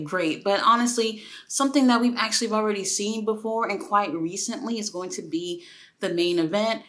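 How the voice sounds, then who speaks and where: A young woman giving a casual, excitable solo review of a wrestling show, chatty and full of asides. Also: mid-range voice.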